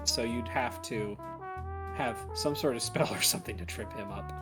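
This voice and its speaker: A man's voice: mid-range voice, normal speed. A man running a tabletop game as game master, swearing freely and laughing while voicing the characters. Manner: profane, animated, breaks into laughter. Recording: faint background music.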